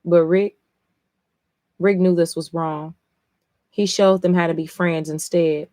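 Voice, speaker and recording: Woman reading comics out loud on stream, cusses a lot, gets emotional, dry close sound. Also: lowish voice, fairly even intonation, takes it slowly, no room sound. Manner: emotional, blunt, swears freely. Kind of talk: live reading and reaction stream.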